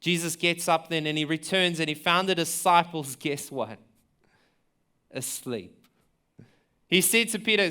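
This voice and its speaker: A man's voice: fairly high pitch, measured pace, pauses often, bright, forceful tone, smooth. A man preaching a sermon in an earnest, conversational way, asking listeners questions and often repeating words as he thinks aloud. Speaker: pastor.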